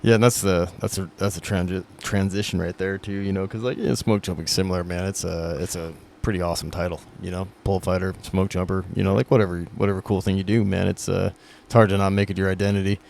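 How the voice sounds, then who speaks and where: Flat, gravelly low-voiced male host. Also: fast talker, hardly any pauses, slight background noise. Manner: reflective, rambling, says "man" often. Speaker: podcast host. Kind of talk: casual podcast conversation.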